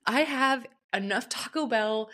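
A woman co-hosting a casual podcast over a video call, playful and quick to laugh, with short replies. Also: a little high, fairly bright tone. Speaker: podcast co-host. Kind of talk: casual chat.

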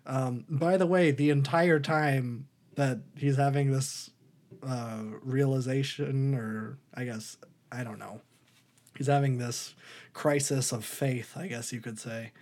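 A man's voice: mid-range voice, fairly even intonation, slow, a little mellow. Laughing, rambling male podcast host. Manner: rambling, laughing, breaks into put-on voices for quotes. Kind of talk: casual podcast chat, recapping a movie.

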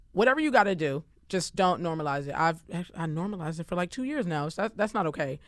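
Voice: medium pitch, animated, normal speed, long pauses, fairly bright tone, no echo, studio quality. A podcast co-host in casual chat who talks loosely and animatedly, using lots of slang and filler words.

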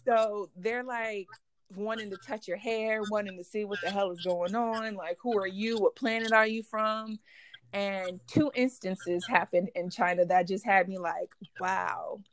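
A woman hosting a podcast in casual chat, telling lively stories and laughing often. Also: mid-range voice, unhurried. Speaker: podcast host.

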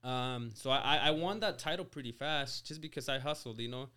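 A man's voice: medium pitch, brisk, bright, forceful tone, clear, resonant tone. A man in his twenties from Mexico, a podcast guest telling his story in a casual chat, full of "like" and "you know" and restarted words. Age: 20s. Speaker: podcast guest, auto shop owner.

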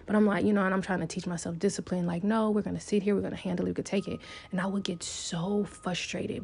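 A woman vlogger talks openly and casually to camera, rambling through a personal story in a confessional way with many "like" fillers. Her voice is on the low side, darkish in tone and slightly rough.

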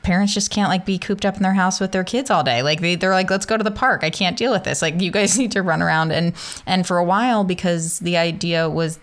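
A woman hosting a casual conversation, speaking in a thoughtful, measured, rambling way. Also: sits low, gravelly.

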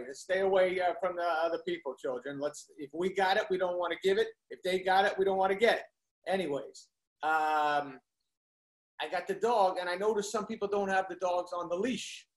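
A man's voice: sits high, normal speed, poor audio. A man telling a rambling comic anecdote as a guest, acting out what people said. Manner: rambling storyteller who acts out quotes. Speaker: interview guest.

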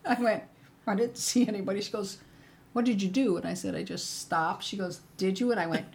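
A woman's voice: mid-range voice, a little fast, darkish tone. A middle-aged woman in casual conversation, telling candid stories and acting out the people she quotes. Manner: candid storyteller, acts out quoted dialogue. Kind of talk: casual chat.

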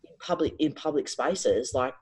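Husky-voiced middle-aged woman telling a story. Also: a bass voice, normal speed, low-quality recording. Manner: animated and expressive, with frequent restarts. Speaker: interview guest, parent. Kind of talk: casual personal storytelling.

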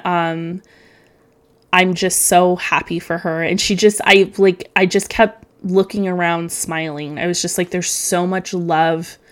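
A young woman hosting a solo podcast, rambling and emotional, tearful at times, swearing casually and filling gaps with ums. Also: on the low side. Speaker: podcast host.

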